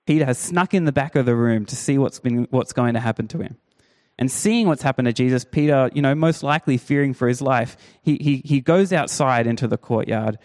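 A man preaching a sermon, telling the story with lively, acted-out quotes. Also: mid-range voice, fairly quick. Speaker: pastor.

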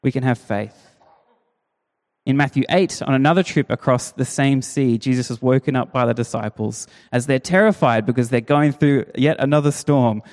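At a moderate pace, a man preaches a sermon conversationally and at ease, using emphasis and rhetorical questions aimed at his listeners. His mid-pitched voice rings through a large hall with a long, trailing reverb.

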